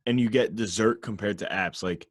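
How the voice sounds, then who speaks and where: A man's voice: lowish voice, moderate pace. A young man co-hosting a casual podcast, laid-back and teasing. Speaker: podcast co-host. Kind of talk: casual chat.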